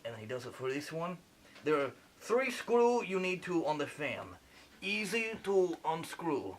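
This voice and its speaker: A man's voice: on the high side, big pitch swings, unhurried, a little hiss or hum. A man putting on a French accent, playing a mock surgeon and giving fussy, playful step-by-step instructions. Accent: put-on French accent. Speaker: mock surgeon fixing a computer. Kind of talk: joking home repair video.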